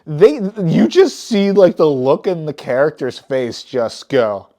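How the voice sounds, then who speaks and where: A woman giving a casual, spoiler-filled movie recap, excitable and swearing often, who breaks off her phrases mid-thought. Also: low voice, slow pace. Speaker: movie reviewer.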